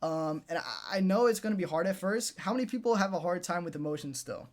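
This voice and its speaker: A man's voice: sits high, fast talker. A young man coaching day traders in a casual motivational talk, repeating himself and ending points with "right?" and "dude". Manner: repetitive, pep-talk, tags "right?" and "dude".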